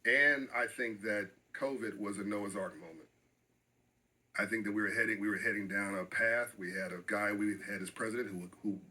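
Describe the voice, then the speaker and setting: A man's voice: fairly low pitch, moderate pace, bright, forceful tone, poor audio. A middle-aged man speaking as an interview guest, passionate and emphatic, often repeating phrases for stress.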